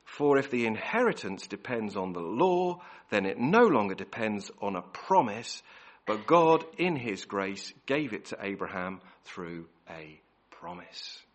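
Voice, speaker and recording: Emphatic preacher with a lively pitch. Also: male voice, a little slow. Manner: emphatic, repeats key words; self-correcting restarts. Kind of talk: sermon.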